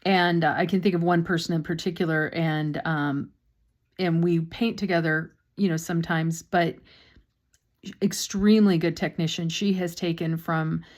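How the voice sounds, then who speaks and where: A woman's voice: low voice, steady tone, normal speed. A woman painting instructor talks casually through a step-by-step demonstration, with chatty, self-deprecating asides and a slightly sore throat.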